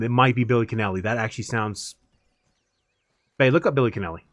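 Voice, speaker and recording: A man's voice: lowish voice, fast talker, no room sound, faint music behind. A man chatting casually while streaming a game, rambling and laughing easily. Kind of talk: casual chat while gaming.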